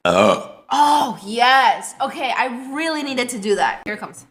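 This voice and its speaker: A woman's voice: high voice, animated, fairly quick. Chatty, apologetic young woman streamer. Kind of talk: casual live-stream chat.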